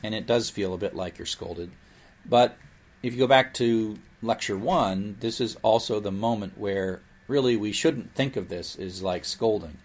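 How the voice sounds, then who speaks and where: A man teaching programming in a recorded lecture, explaining in a lively way with playful asides. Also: lowish voice, normal speed. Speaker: programming instructor.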